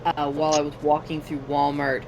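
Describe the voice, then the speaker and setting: A woman with a deep voice talks briskly over a noisy background while streaming herself drawing. In casual chat she tells stories with animation, acts out other people's voices, and swears offhandedly.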